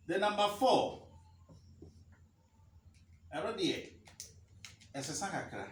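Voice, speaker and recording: A man teaching a math lesson, slowly repeating key phrases for emphasis. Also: sits high, animated, darkish tone, far from the mic. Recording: roomy echo, faint ambience.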